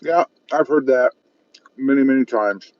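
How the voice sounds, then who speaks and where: A mid-range voice, a little slow, belongs to a South Texas car channel host streaming live from his parked car at a fast-food spot. Between bites he reads viewer comments aloud, laid-back and ready to laugh at himself. There's no room sound, and the highs are cut off.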